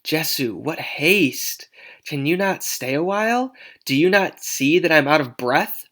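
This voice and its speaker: A man's voice: on the high side, expressive, a little slow, a bit bright. A man voicing an old nurse who grumbles about her aches and teases as she stalls. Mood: grumbling. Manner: grumbling, teasing, dragging things out. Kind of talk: dramatic read-aloud of a play.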